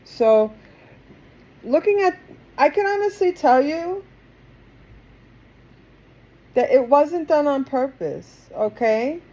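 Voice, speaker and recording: A woman's voice: high-pitched, very animated, slow pace, warm tone. A woman with a Queens, New York twang talks through a tarot reading. Her delivery is chatty and digressive, drifting into asides before she returns to the cards. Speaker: tarot reader. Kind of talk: casual tarot reading to camera.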